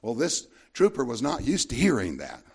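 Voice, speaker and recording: A man's voice: mid-range voice, huge pitch swings, moderate pace, a little mellow, husky. A man preaching a sermon, telling a long anecdote in a rambling way with frequent asides to the congregation. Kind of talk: sermon storytelling.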